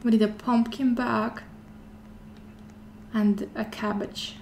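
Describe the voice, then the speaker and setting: A woman's voice: fairly high pitch, little pitch movement, takes it slowly, vocal fry, slight background noise. A woman streaming a horror game, talking to herself in a scared way that keeps repeating and dropping to whispers. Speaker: gameplay streamer. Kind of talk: playing a horror game out loud. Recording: game music loud behind the voice.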